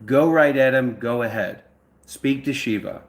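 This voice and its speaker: A man's voice: medium pitch, a little slow. A man hosting, giving rambling and repetitive instructions to push a role-play along. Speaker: host directing a voice role-play. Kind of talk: casual instructions.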